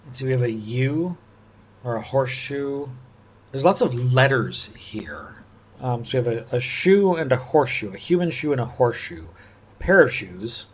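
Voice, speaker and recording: A man thinking aloud as he works through a puzzle, musing and halting, often restarting his sentences and laughing softly. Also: medium pitch, slightly rough. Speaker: puzzle-solving video host.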